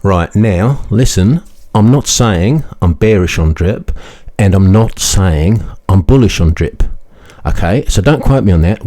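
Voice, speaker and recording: A rambling crypto financial advisor, put on by a man, pitched higher than his usual voice. He keeps hedging every claim and cannot commit to anything. The voice underneath stays warm and mellow. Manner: hedging, repeats "don't quote me on that".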